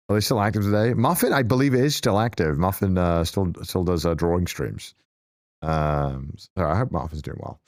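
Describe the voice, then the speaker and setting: Young northern guy reacting to his cringe old vids, swears a lot, pitch jumps all over, dry close sound. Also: normal speed, no echo. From northern England. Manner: self-mocking, swearing, animated. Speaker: streamer reacting to old videos. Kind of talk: casual reaction commentary.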